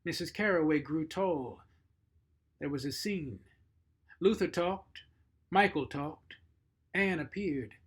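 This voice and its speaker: A man reading a short story aloud, measured and expressive. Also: on the high side, husky. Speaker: narrator.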